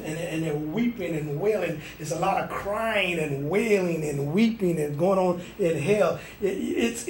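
A man with a high voice preaches a sermon, pressing his points with fervent repetition. His words ring out in a roomy space with plenty of echo. A faint hum sits underneath. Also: far from the mic.

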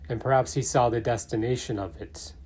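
A man's voice: mid-range voice, steady tone, fairly quick, a little mellow, slightly rough. A man casually narrating and commenting on his own fan theory, thinking aloud with fillers. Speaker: fan theory video maker.

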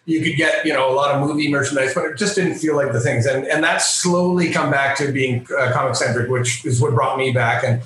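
Animated storyteller man in an echoey room. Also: mid-range voice, a little fast, hardly any pauses, a little hiss or hum. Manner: lively, self-mocking storyteller. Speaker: guest, comic book and storyboard artist.

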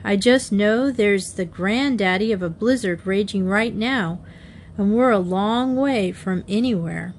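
A woman's voice: medium pitch, unhurried, a little hiss or hum, close to an everyday voice. A woman reading aloud voices a practical teenage boy in a plain, matter-of-fact tone close to her own voice. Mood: serious. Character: level-headed teenage boy, practical leader.

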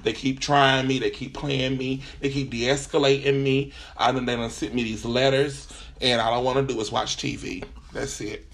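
A man's voice: mid-range voice, flat delivery, normal speed, vocal fry, a bit bright. A man telling a comic, profane, exasperated story in casual talk as a host. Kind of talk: comedic storytelling rant.

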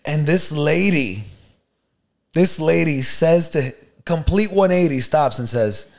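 A man co-hosting a podcast, telling a story in a lively, slangy way and often asking "you know what I mean". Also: fairly high pitch, slow pace. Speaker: podcast co-host. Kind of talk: casual storytelling chat.

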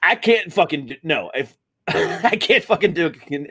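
A woman's voice: deep voice, normal speed, slightly rough. New england comedian lady, voice jumps all over, cusses a lot, loose chat. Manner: animated, swears, laughs often. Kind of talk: casual chat.

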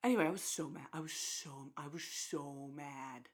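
A young woman in casual chat, telling a story in an animated way, acting out quotes and swearing freely. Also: low voice, moderate pace.

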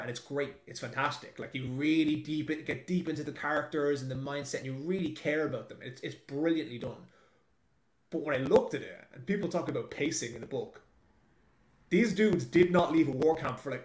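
A man's voice: on the high side, brisk. Chatty man, roomy echo. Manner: chatty, emphatic, laughs often. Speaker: author guest. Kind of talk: casual interview chat. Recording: echoey room.

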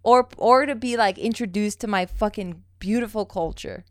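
A young woman co-hosts a casual podcast, telling stories loosely with plenty of swearing and lots of "um" and "like." Her voice is medium in pitch at a normal speed, recorded dry with studio quality.

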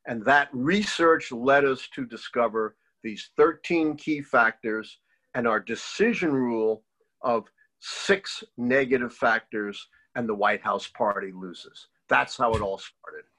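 A man's voice: mid-range voice, slow pace, low-quality recording. An older man, a political historian, telling stories in an interview and acting out the people he quotes. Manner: animated storyteller who acts out quoted voices. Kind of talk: storytelling interview.

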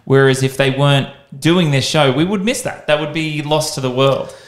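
A man's voice: fairly high pitch, moderate pace. Aussie podcast guy rambling on, lots of restarts, roomy echo on the voice. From Australia. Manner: rambling, restarts sentences, enthusiastic. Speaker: podcast host. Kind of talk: casual podcast chat.

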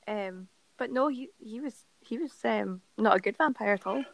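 A woman's voice: on the high side, moderate pace, gravelly, no echo, low-quality recording. A woman co-hosting a podcast, chatting casually and playfully about a book, laughing often. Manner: giggly, playful. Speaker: podcast co-host.

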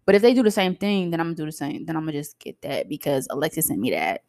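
A young woman co-hosting a podcast, chatting casually and bluntly, telling profane, animated stories. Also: low-pitched, quick pace. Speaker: podcast co-host. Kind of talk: casual chat.

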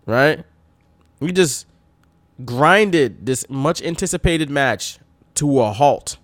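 Animated man on a wrestling podcast. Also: on the high side, a little slow, no room sound. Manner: animated storytelling, acts out quotes in a raised voice. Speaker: podcast co-host. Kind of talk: casual wrestling podcast chat.

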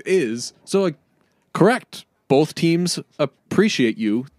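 A man's voice: a little high, big pitch swings, a little mellow, no room sound, clean studio sound. A man co-hosting a podcast in casual chat, rambling and joking, often acting out other people's lines. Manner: rambling, jokey, quick to mimic people. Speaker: podcast co-host.

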